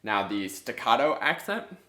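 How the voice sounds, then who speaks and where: A man teaching music in an instructional video, explaining step by step in a clear, methodical way. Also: medium pitch, very animated, unhurried. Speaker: clarinet teacher. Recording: echoey room.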